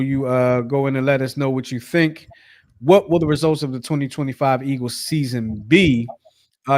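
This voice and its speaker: A man with a medium-pitched, somewhat dark voice hosts a sports podcast in a loose, chatty style. The casual talk is full of fillers and restarts.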